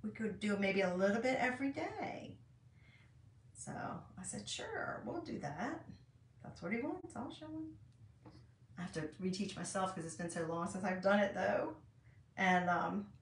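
A woman's voice: medium pitch, animated, a little slow, recorded from a distance. A woman in her fifties hosting a casual craft tutorial, chatting and rambling to viewers as she works at home. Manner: chatty, rambling, talks to viewers while working. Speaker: craft channel host. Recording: roomy echo, mic set back.

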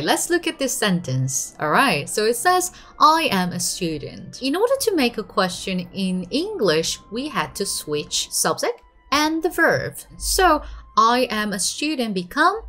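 Lively Korean-accented woman teaching. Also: mid-range voice. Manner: lively, encouraging, drawn-out model phrases. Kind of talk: online language lesson.

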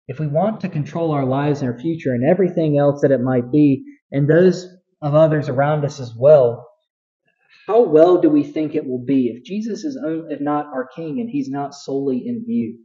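A man's voice: on the high side, normal speed, mellow, highs cut off. A man preaching a sermon as pastor, talking conversationally with frequent restarts and building emphasis.

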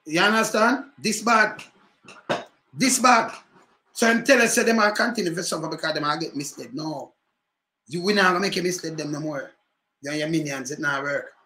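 A quick-paced man with a fairly high voice and a Jamaican accent delivers political commentary in patois. The recording sounds roomy, and he rants animatedly, leaning on rhetorical questions over and over.

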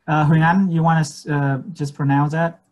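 A man teaching medical English in an online class, patiently repeating words slowly and switching languages. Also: a little high, level tone, a little mellow.

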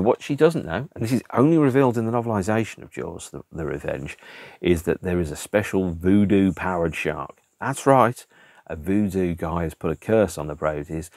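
A man with a low, deep voice talks through films on his podcast, sounding exasperated and emphatic, tossing out rhetorical questions and mild swearing. The sound is dry and close, with little room echo. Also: darkish tone. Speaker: podcast host reviewing films. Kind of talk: casual chatty film review.

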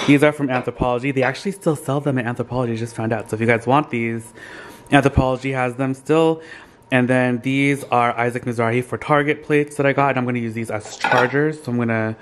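Excited guy chatting to his viewers, gushing over everything, handheld cam. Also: medium pitch, background noise. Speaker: vlogger host. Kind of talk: casual vlog chat. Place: thrift store, then home kitchen.

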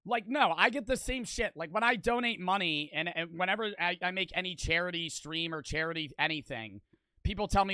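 Heated bright-voiced teen boy streamer. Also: high-pitched, brisk, no room sound. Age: teens. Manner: heated, profane, full of "like" fillers. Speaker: streamer reacting to a video. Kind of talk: casual reaction commentary.

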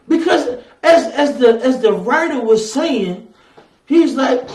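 High-voiced preacher in an echoey church. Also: male voice, expressive, takes it slowly, far from the mic. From Southern US. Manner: call-and-response preaching, building to shouts. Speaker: pastor. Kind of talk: sermon. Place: church sanctuary, from afar.

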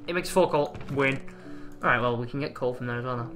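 Bright-voiced chatty gaming host. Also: male voice, medium pitch, fast, soft background music. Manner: chatty, jokey and rambling, swears casually. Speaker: let's play host. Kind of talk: casual gameplay commentary.

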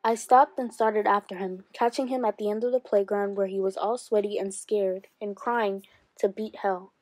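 A woman teacher reads a memoir aloud for her students in a steady, expressive way and lifts her voice for emphasis. Her pitch is mid-range, and the recording is dry and close. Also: normal speed, no echo. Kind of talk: reading a memoir aloud for class.

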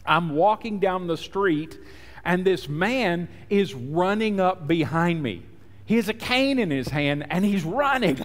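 A man's voice: high voice, animated, a little slow, in a large hall. A man preaching a sermon as pastor, telling stories and acting out the people he quotes. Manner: storytelling preacher, acts out quotes. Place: church sanctuary.

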